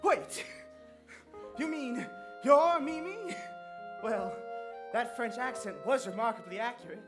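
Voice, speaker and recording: A woman's voice: a little high, animated, slow pace, over music. A woman playing an earnest, lovesick young groom in a stage musical, pleading.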